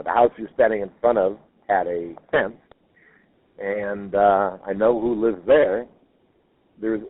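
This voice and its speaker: A man's voice: on the low side, dry recording. A man telling a listener's ghost story in a rambling, casual way, with many fillers and self-corrections. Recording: tinny phone-line audio.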